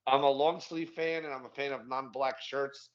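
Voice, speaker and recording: A man hosting a casual podcast, trading travel stories in a loose, profane way. His voice sits at a middling pitch. The recording sounds a little dull and lo-fi. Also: fairly even intonation, normal speed. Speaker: podcast host.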